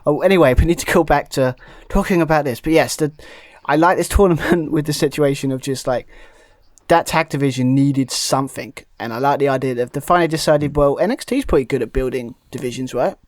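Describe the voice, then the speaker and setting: A man's voice: medium pitch, fairly quick, no echo, studio quality. A man co-hosting a wrestling podcast, rambling with many fillers and restarts and laughing often. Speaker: podcast co-host. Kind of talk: casual chat.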